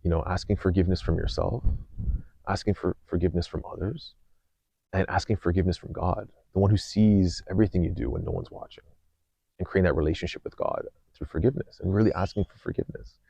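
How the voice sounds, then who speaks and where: Deep gravelly man telling a personal story. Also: warm tone, dry recording. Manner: earnest, unhurried, with many fillers and restarts. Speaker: podcast host. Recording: slightly dull dry sound.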